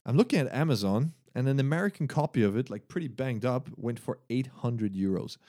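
A man's voice: mid-range voice, fairly quick. A man, chatting casually among friends. He laughs often, swears, and acts out quotes while telling stories. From Germany. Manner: laughing, swearing, animated storytelling with acted-out quotes. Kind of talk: casual chat.

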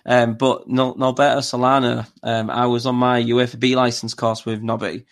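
A man co-hosts a podcast, telling casual stories in a rambling, filler-heavy way, and he is not from Newcastle. His voice is medium-pitched with little pitch movement, and he speaks at a moderate pace.

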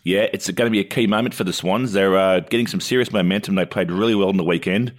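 Australian male ex-cricketer co-host, deep voice, quick blokey patter. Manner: blokey and laid-back, says "mate" a lot. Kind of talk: casual sports chat.

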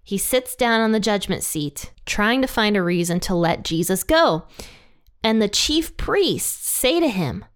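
A woman's voice: mid-range voice, lively intonation, a little slow. A woman teaching a Bible passage in a casual, conversational way, retelling the scripture in everyday words.

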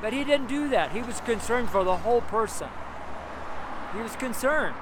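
High-voiced man preaching on a noisy street. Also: animated, moderate pace. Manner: rambling, earnest exhortation with repeated phrases. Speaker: street minister. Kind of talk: street sermon. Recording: noisy outdoor street recording with cars. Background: passing cars and urban street noise.

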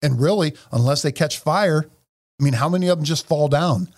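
A man's voice: on the high side, fairly quick. A middle-aged man in casual podcast chat, swearing freely and laughing often. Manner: profane, animated, laughs often. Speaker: podcast co-host.

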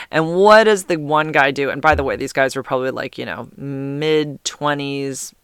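A man's voice: a little high, normal speed, fairly bright tone, smooth, no room sound, clean studio sound. A man hosting a podcast from home, telling a long story in a rambling, chatty way with lots of fillers. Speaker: podcast host. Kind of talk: casual storytelling. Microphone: podcast mic.

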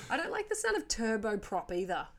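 Chatty woman telling a story on a podcast. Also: a little high. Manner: chatty, joking asides, laughs easily. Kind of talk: casual storytelling podcast chat.

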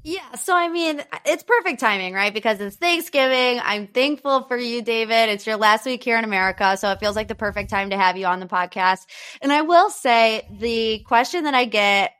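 A young woman hosting a podcast, chatting in a teasing, animated way and laughing often. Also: on the high side, moderate pace, clean tone. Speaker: podcast host. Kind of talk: casual chat.

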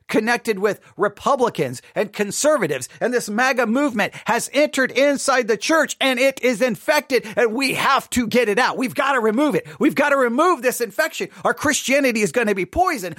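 A man with a notably high voice hosts his podcast, acting out a story with lots of drama before moving into impassioned commentary. His voice is recorded dry and close, with almost no room sound. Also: fairly bright tone, no room sound. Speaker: podcast host.

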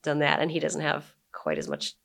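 Speaking a little fast in a low, creaky voice, this forties-aged guest, who blogs and owns a brewery, talks easily in an interview. She then reads from her blog, stressing the quoted lines, keeping a relaxed, chatty manner.

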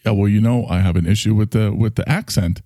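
A man voicing a gruff, grumbling male internet character in a comedy podcast bit, low and defensive. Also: fast, dark tone, dry recording, studio quality, natural voice.

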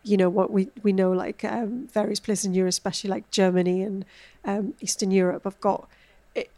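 Casting: woman, food editor guest, chatty, mid pitch. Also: brisk. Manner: chatty, animated storytelling, frequent fillers. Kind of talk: casual food chat.

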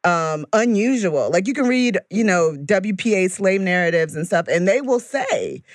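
Lively female academic guest, dry close sound. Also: mid-range voice, normal speed, dry recording. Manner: animated, laughs often. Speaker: guest scholar. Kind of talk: casual podcast discussion.

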